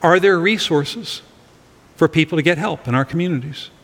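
A man's voice: on the high side, normal speed, a bit bright, in a large hall. A middle-aged male pastor giving an earnest sermon to his congregation, leading them in reading a verse aloud. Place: church sanctuary.

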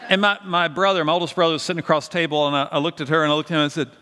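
A man's voice: fairly high pitch, steady tone, racing, sharp tone, big-room sound, a faint crowd, slight background noise. A middle-aged male pastor preaching a sermon in a conversational, storytelling way, often asking the congregation questions.

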